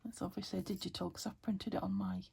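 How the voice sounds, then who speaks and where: A woman's voice: medium pitch, little pitch movement, fast, vocal fry, a little mellow, husky. A British woman chatting to herself while crafting, thinking aloud and often dropping into a whisper. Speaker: craft vlogger. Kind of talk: casual narration while crafting.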